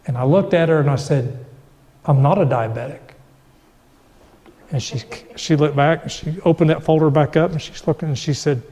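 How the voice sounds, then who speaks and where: A man's voice: a little high, dark tone, in a large hall. A middle-aged man sharing a personal faith testimony, acting out the dialogue as he tells it. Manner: storytelling, acts out quoted dialogue. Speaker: guest.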